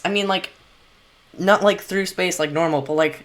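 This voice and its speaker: A man hosting a casual chat, rambling excitedly with lots of restarts and fillers. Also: sits high, normal speed, slight background noise. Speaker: podcast host reacting to a video.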